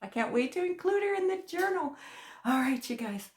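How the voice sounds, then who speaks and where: A woman hosting a crochet channel, chatting casually as she unboxes mail, gushing and excitable, often dropping to a soft near-whisper. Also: high-pitched, moderate pace. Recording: echoey room.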